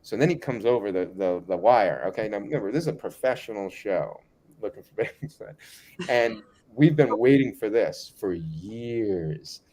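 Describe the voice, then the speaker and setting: A man telling a long anecdote as a guest in a casual interview, animated and acting out other people's lines. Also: fairly low pitch, moderate pace. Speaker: guest storyteller.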